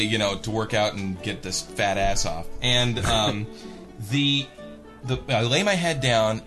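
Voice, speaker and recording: A man in his thirties, a radio host, telling a funny story with lots of laughter. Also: fairly low pitch. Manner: animated, laughing as he tells. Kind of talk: comic storytelling.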